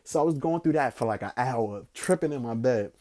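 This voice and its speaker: Young male podcast host, low-key mellow tone, loose profane storyteller, drawls then gets hyped. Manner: loose, slangy and profane, swings between slow musing and excited bursts. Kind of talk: casual rambling storytelling.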